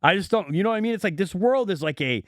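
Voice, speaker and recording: A man's voice: high voice, expressive, racing, a bit bright, no echo, studio quality. A man co-hosting a podcast, rambling loosely with lots of fillers and cynical jokes. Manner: rambling, filler-heavy, bleakly joking. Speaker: podcast co-host. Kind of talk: casual chat.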